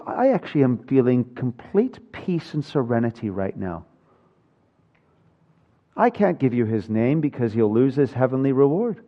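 A pastor delivers his sermon in a voice pitched a little high, moving from dry jokes to earnest emphasis. The sound is muffled and lo-fi. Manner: storytelling, wry humor, rising emphasis. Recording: dull lo-fi sound.

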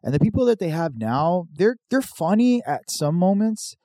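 A man rambles through a casual chat, swearing freely and getting animated as he retells comedy sketches. His voice is mellow and dark. The sound is dry and close. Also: high voice, moderate pace, no room sound.

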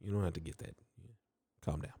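Deep-voiced man rambling on a podcast. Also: fairly even intonation, brisk, dark tone, a little hiss or hum. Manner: rambling, filler-heavy, self-mocking asides; upbeat, chummy, addresses listeners as man and guys. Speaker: podcast host. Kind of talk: casual solo podcast monologue.

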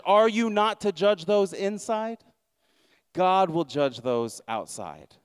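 A man's voice: sits high, animated, slow, smooth, no echo, studio quality. A man pastor preaching a sermon, emphatic and repeating his key lines, with wry asides.

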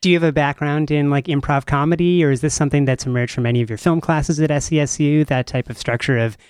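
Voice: medium pitch, steady tone, quick pace, darkish tone, smooth, no room sound, studio quality. A host asking curious, conversational questions in a casual interview.

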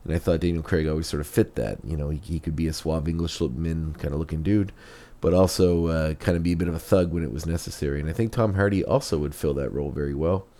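Deep, mellow-voiced male podcast host. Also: quick pace. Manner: relaxed, conversational, with frequent fillers. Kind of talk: casual chat and read narration of comic history.

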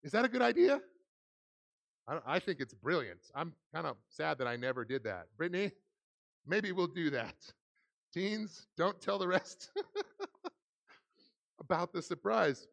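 A man in his thirties preaching a sermon in a church, animated and laughing often as he acts out quoted lines. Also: on the high side, measured pace, gravelly, long pauses. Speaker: pastor. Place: church hall.

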